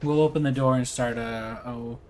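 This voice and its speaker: A man's voice: mid-range voice, steady tone, moderate pace, a little mellow, a little hiss or hum. A young man casually commenting on his gameplay, rambling with fillers and slang. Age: young adult. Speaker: gameplay streamer.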